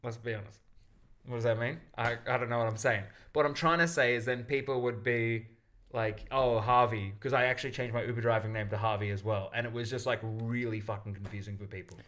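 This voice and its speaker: Podcast guy, bright ringing voice, rambly jokey storytelling. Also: mid-range voice, steady tone, fairly quick. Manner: rambling, self-mocking storytelling. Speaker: podcast co-host. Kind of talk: casual comedic chat.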